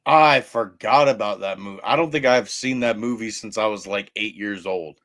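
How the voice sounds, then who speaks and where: Laid-back man with a lowish voice. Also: moderate pace, no echo. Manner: relaxed, laughs often. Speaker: podcast co-host. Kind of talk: casual chat.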